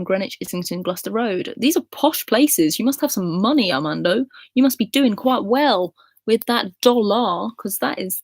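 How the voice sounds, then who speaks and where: Scottish woman, twenties, fairly low voice, chatty livestream host, dry close sound. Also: creaky, dry recording. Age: 20s. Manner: chatty, laughs often, reads comments aloud. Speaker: livestream host reading viewer comments. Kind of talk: casual live chat.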